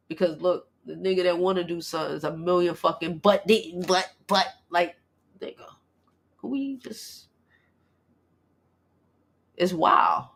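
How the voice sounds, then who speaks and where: A woman in her thirties from Brooklyn hosts a livestream and chats with viewers. Her voice is gravelly and husky, with a rough, breathy edge. She talks in a blunt, profane and animated way. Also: mid-range voice. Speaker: livestream host. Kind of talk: casual livestream chat.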